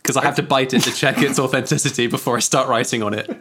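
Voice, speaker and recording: A man's voice: medium pitch, fairly even intonation, fast, sharp tone, slightly rough. A man hosting a casual comedy podcast, joking around and reading out listener prompts. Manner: jokey, laughs often, reads listener prompts. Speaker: podcast host.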